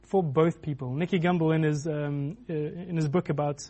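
A man's voice: a little high, steady tone, moderate pace, mellow. A man preaching a sermon in a loose, conversational way, with many restarts and filler words.

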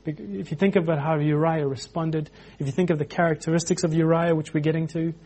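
Husky-voiced man preaching. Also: a little high, fast. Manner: animated, acts out quotes, many restarts. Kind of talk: informal sermon.

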